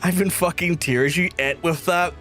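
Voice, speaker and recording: A man's voice: high voice, steady tone, moderate pace, bright, forceful tone, faint music behind. A man live-streaming a game, ranting angrily at his chat with lots of swearing. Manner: angry, profane ranting.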